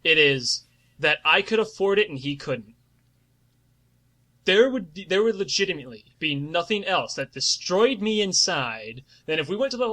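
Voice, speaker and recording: A man in his twenties telling a comedic personal story on a podcast, animated and swearing, now and then breaking into mock-dramatic singing. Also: high-pitched. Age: 20s.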